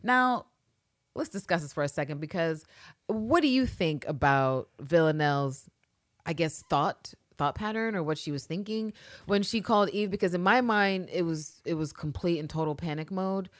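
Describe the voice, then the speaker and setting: A woman chatting on a podcast in a fairly low voice, animated and quick to swear. She acts out quoted lines with big jumps in loudness. The sound is dry and close. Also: dry recording. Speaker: podcast co-host. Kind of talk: casual chat.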